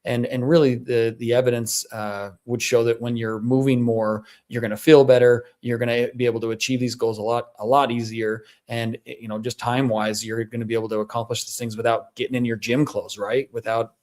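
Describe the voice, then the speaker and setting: Male clinician co-host, relaxed chat, talks through patient examples. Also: mid-range voice, fairly quick, hardly any pauses. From Southern Utah. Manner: explains through patient stories, many restarts. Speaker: wellness podcast co-host, clinician. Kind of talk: casual conversational podcast talk.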